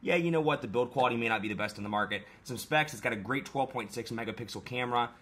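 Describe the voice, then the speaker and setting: A man, hoarse and coming down with a cold, walking through a phone unboxing in a brisk, casual way. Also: medium pitch, a bit bright. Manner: brisk, conversational, pointing out features. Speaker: tech reviewer. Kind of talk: casual product unboxing walkthrough.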